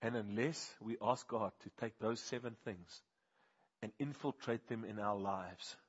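A man preaching a sermon, firing questions at the congregation and swinging between hushed and loud passages. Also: on the low side, unhurried, breathy edge, dull audio.

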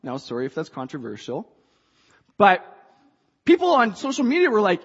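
A woman preaching a sermon to a church, passionate and rising to shouts. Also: high-pitched, wildly swooping pitch, normal speed. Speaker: church speaker. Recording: dull sound in a reverberant hall.

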